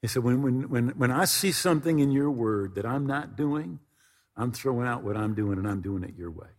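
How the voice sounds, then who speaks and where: A man's voice: mid-range voice, animated, normal speed. A man pastor delivering a sermon in a conversational preaching style, often repeating words as he goes. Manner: conversational preaching with frequent word repetitions. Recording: reverberant hall.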